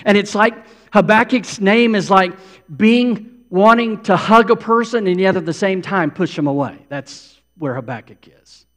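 A man with a notably high voice delivers a sermon, earnest and building in intensity as he voices pleading prayers. His words carry a long reverb, as if spoken in a large hall. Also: normal speed, a bit bright. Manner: earnest preaching, voicing prayers with rising intensity. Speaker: pastor.

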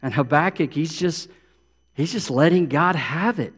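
High-voiced man preaching in a reverberant hall. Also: unhurried, a bit bright, slightly rough. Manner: earnest preaching, voicing prayers with rising intensity. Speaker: pastor. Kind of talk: sermon.

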